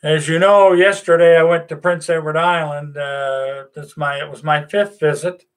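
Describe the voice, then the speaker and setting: A man's voice: on the high side, steady tone, normal speed. Rambling older man vlogging. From Nova Scotia, Canada. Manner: rambling, folksy, many "uh"s and restarts. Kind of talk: casual chat to camera.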